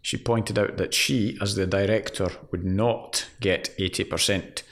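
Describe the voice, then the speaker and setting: A man's voice: on the low side, fairly even intonation, unhurried, a bit bright. A man co-hosting a casual chat about an employment law case, reading out case details in a dry, wry way. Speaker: podcast co-host.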